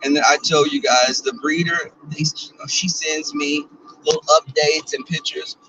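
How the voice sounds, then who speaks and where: A man's voice: a little high, level tone, measured pace, pushed and bright, far from the mic, faint music behind, rough recording. A man, chatting casually and bawdily to viewers while he drives. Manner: chatty, bawdy and playful, talks to viewers and reads out their comments. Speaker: vlogger. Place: in a car.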